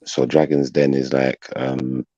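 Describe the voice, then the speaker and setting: A man's voice: a bass voice, flat delivery, unhurried, mellow, dull audio. A man from England chatting casually on a panel, rambling and laughing often.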